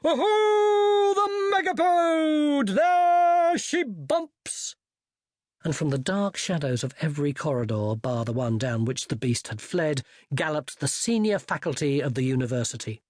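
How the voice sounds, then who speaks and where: Animated storyteller reading a comic novel. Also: mid-range voice, fairly quick, hardly any pauses, slightly rough, no room sound, clean studio sound. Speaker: audiobook narrator. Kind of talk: scripted narration of a comic fantasy novel.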